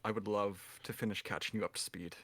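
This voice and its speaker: Casting: man, deep voice, earnest role-play player, dry close sound. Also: fairly even intonation, fast, fairly bright tone, no room sound. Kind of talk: in-character tabletop role-play.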